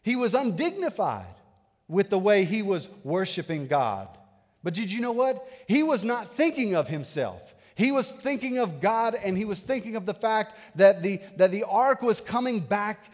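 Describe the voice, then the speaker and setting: A man in his thirties preaching a sermon as a pastor, animated, swinging between loud bursts and hushed asides. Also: high voice, normal speed, big-room sound. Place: church sanctuary.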